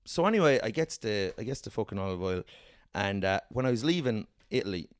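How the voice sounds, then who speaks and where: A man telling long profane stories in casual podcast chat, often shouting his own quoted lines. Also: fairly low pitch, expressive, fairly quick, no echo, studio quality. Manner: profane, rambling anecdotes, quoting people in raised voices. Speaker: podcast co-host.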